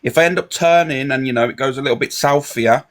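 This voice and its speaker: A man's voice: mid-range voice, quick pace. A man ranting in a heated live chat, confrontational and swearing. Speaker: live stream guest.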